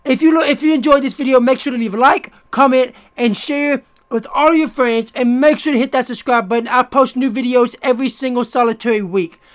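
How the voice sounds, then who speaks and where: A man's voice: very high voice, a little fast, few pauses. A man commentating his own gameplay casually, cursing and ranting as he gets frustrated, then talking straight to his viewers. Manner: talks to viewers directly. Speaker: gaming YouTuber.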